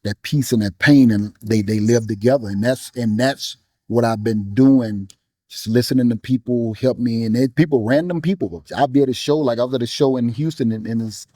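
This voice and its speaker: A man in an interview speaks with grief about his loss, earnest and preacherly, repeating himself as he searches for words. His voice is warm and mellow, and the sound is dry and close. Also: mid-range voice, dry recording. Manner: earnest, preacherly, with pauses and repetitions. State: grieving. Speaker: guest musician and bishop. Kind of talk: emotional interview talk.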